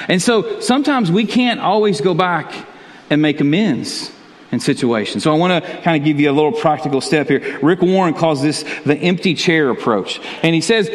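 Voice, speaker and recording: A man's voice: a little high, expressive, moderate pace. A man preaching a sermon as pastor, talking in a conversational way, often repeating words and chuckling. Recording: long reverb of a large hall.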